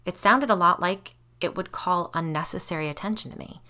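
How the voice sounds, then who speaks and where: A woman narrates a first-person audiobook in a wry, conversational way. Her voice is pitched low, with a bright and forceful tone that keeps the storytelling lively. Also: brisk.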